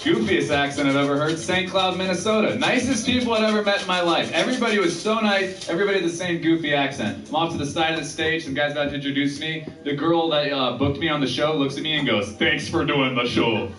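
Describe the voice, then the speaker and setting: A brash, self-mocking male stand-up comic works through his set with punchy delivery. His voice is a little high, picked up from a distance in an echoey club. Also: fast, hardly any pauses. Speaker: stand-up comedian. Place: comedy club stage. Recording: roomy sound from a distant mic.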